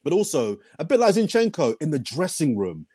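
A man's voice: fairly high pitch, a little fast, slightly rough, no room sound. Guy on a footy podcast, really fired up, voice jumping all over, dry close sound. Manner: passionate, emphatic, animated. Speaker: podcast panelist. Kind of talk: casual chat.

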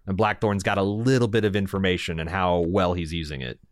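A man's voice: sits low, steady tone, a little fast, no echo, clean studio sound. A man co-hosting a podcast, chatting casually and acting out quotes, often trailing off and restarting. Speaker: podcast co-host. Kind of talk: casual chat.

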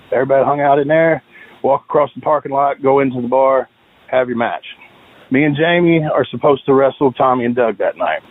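A man hosting a podcast, telling a long story in a relaxed, steady way. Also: mid-range voice, no room sound, narrow, tinny audio. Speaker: podcast host. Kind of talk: casual storytelling.

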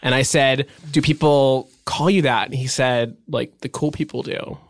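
A young man talks as a podcast guest in a casual chat, rambling through his stories with constant "like"s and restarts. His voice is at an ordinary middle pitch, steady in tone, at normal speed. The sound is close and dry with no room sound.

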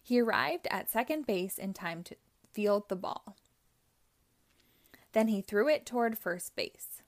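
Slow, careful woman reading a kids' storybook. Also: medium pitch, lively intonation. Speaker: children's book reader. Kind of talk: read-aloud storybook narration.

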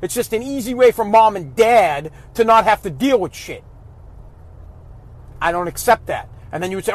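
A man with a high, expressive voice talks briskly as a father sounding off about raising kids. His profane monologue is blunt, heavy with swearing, and he gets louder as he goes.

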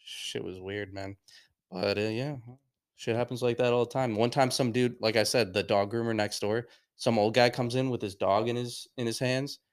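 A man's voice: mid-range voice, steady tone, moderate pace. Laid-back young man, slangy talk. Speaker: podcast guest. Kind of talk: casual chat.

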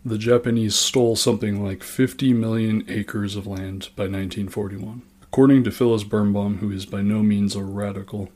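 Male history narrator, low and level delivery, dry wry asides. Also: flat delivery, normal speed, hardly any pauses, darkish tone.

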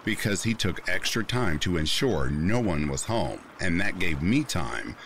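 A very deep-voiced man reads a scary true story aloud as scripted narration. His delivery swings widely in pitch as the tension climbs, with faint rain behind him. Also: sing-song, unhurried, fairly bright tone, slight background noise. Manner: reads a first-person account with rising tension. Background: faint rain sounds.

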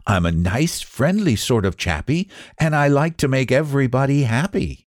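A man's voice: mid-range voice, expressive, normal speed, no echo, studio quality, voice pushed up, natural voice. A man doing a chummy onion chap. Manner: chummy, chatty. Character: jovial friendly Spanish onion chap.

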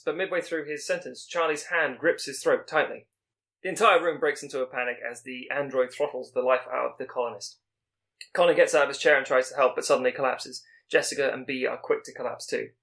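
A man reading out a scripted plot pitch as a podcast co-host, with small slips as he goes. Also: vocal fry, a bit bright. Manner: brisk storytelling read with small slips.

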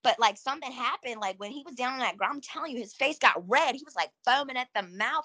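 A woman's voice: a little high, fast, hardly any pauses. A woman guest on a podcast, telling a story in a casual, rambling way with lots of fillers. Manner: animated, rambling with many fillers and laughs.

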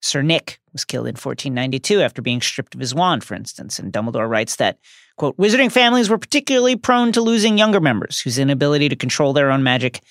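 A man's voice: sing-song, fast talker, fairly bright tone, no echo, studio quality. A man co-hosting a podcast, reading book passages aloud with hammy, theatrical flair. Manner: hammy, theatrical reading with big pitch swings. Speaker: podcast co-host. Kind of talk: casual chat and reading aloud.

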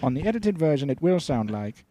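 A man's voice: a little high, very animated, fairly quick, warm tone. A young Australian man co-hosting a comedy podcast, trading crude improvised jokes and slipping into put-on accents. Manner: slips into a mock British accent, lots of laughing. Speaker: podcast co-host.

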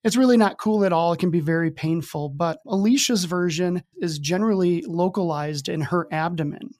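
A man's voice: high voice, fairly quick, darkish tone. A young adult man telling his own story as a podcast guest, candid and casual, with wry self-deprecating humor.

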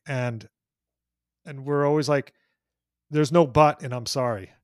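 A man's voice: medium pitch, steady tone, normal speed, no echo, clean studio sound. A man speaking as a guest in a casual chat, earnest and emphatic, often repeating words as he starts a thought.

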